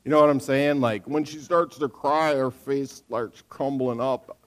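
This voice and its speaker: Animated man giving a conversational sermon. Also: medium pitch, a little slow. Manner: animated storyteller, acts out quotes, frequent "right?"; lively conversational sermon delivery. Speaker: pastor.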